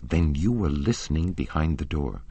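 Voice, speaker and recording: A man's voice: very deep voice, expressive, normal speed, dark tone, husky, exaggerated voice. Secretive young woman singer, read by a man. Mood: tense. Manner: cold, guarded replies.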